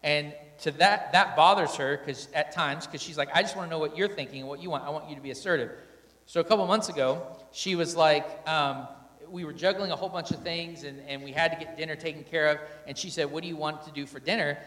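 A man's voice: fairly high pitch, quick pace, fairly bright tone. A man speaking candidly to an audience about his marriage, often acting out his own and his wife's words. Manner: candid, self-deprecating, quotes himself and his wife. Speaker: husband on stage in a couples talk. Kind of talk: storytelling talk to an audience. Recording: echoey hall reverb.

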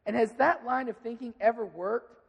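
Pastor preaching in a reverberant sanctuary; conversational, acts out exchanges, voice sits high. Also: male voice, moderate pace, gravelly, slightly rough. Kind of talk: sermon.

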